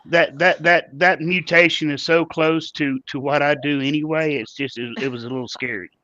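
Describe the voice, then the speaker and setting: A man's voice: fairly high pitch, steady tone, moderate pace, bright, forceful tone, dry recording, muffled recording. A man playing in a tabletop game, chatting casually with stammering restarts. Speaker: player. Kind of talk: casual chat.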